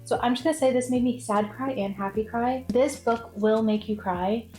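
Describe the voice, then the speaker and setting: A woman's voice: fairly high pitch, moderate pace, a little mellow, faint music behind. A young woman talking casually as a book vlogger, gushing and repeating herself with lots of fillers. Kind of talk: casual chat.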